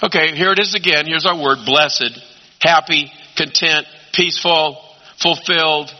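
A man preaching a sermon as pastor, emphatic, swinging between loud urging and quiet asides. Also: on the high side, unhurried. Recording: dull lo-fi sound.

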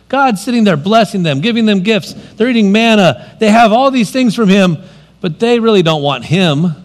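A man preaching a sermon, expressive, moving between loud emphasis and quiet, dropped asides. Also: sits high, moderate pace.

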